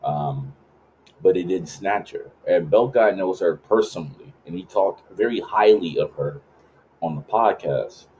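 A man's voice: low-pitched, expressive, a little slow, a little mellow, slight background noise, low-quality recording. A man in his late thirties hosting a podcast, rambling casually and swearing freely. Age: late 30s. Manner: rambling, profane, laid-back. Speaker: podcast host.

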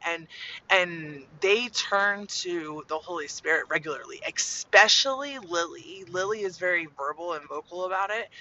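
A woman's voice: low voice, bright, forceful tone, slight background noise. A woman sharing her faith in an earnest, casual way, with many "like"s, on a dull lo-fi recording. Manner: earnest, chatty, heavy use of "like".

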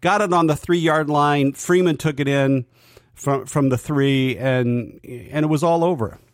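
A father co-hosting a casual sports podcast with his son, measured and agreeable, with hesitant restarts. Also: a little high, no echo, studio quality. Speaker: podcast co-host, father of the other host.

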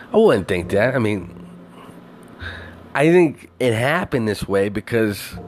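A man telling a story in a casual, animated rant, swearing constantly and filling his talk with "like" and "you know". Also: lowish voice, a little hiss or hum. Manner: animated, heavy swearing, many fillers.

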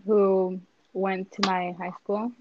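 A woman's voice: mid-range voice, steady tone, extremely slow, slight background noise. A young woman telling a rambling story in casual chat with friends, slangy and easily distracted. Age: young adult. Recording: muffled lo-fi audio.

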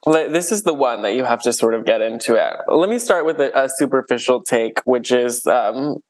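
Man, podcast co-host, casual chat, animated, laughs a lot, medium pitch. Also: moderate pace. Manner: animated, laughs often, many fillers. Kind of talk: casual chat reviewing an album.

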